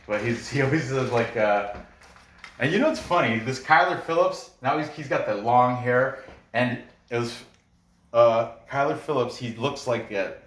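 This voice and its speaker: A man's voice: mid-range voice, normal speed, fairly bright tone, reverberant, far from the mic. A man hosting a casual podcast about fight picks, rambling with frequent laughs and restarts. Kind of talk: casual chat.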